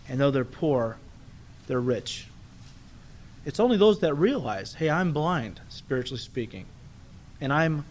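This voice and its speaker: A pastor preaching a sermon in a conversational way, asking rhetorical questions and acting out the people in the story. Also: male voice, fairly high pitch, a little hiss or hum.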